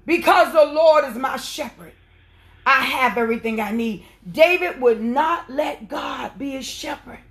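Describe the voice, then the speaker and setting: A woman preaching a sermon, swinging from soft, quiet lines to impassioned shouting. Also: high-pitched, measured pace.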